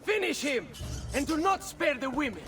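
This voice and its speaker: A man's voice: very high voice, sing-song, moderate pace, music in the background, heavily acted. An actor playing an arrogant young nobleman villain in a game, taunting with a put-on Italian accent. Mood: commanding. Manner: sneering, taunting.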